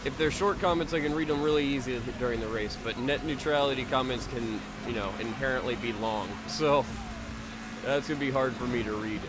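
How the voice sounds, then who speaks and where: A man who is sick and low on energy gives live commentary on a racing game, excitable and swearing freely. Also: a little fast. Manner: excitable, swears freely, cheers during races. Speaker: video game streamer. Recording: noisy, with racing game sounds. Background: car engines and game sounds.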